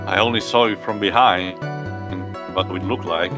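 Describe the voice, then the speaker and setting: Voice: deep voice, fairly even intonation, normal speed, over music, close to an everyday voice. A player voicing a hesitant male witness in a courtroom game dub. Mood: nervous.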